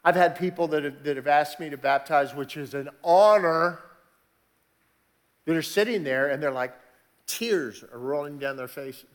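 Man, pastor, sermon, slightly high voice, conversational asides, builds to fervent emphasis. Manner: builds from quiet, measured teaching to raised, emphatic preaching.

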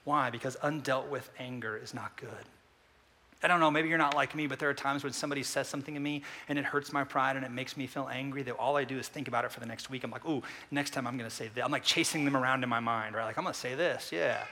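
A man preaching a sermon as a pastor, swinging from loud emphatic refutations to soft, low asides. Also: fairly even intonation, fast talker, a little hiss or hum. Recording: long hall reverb.

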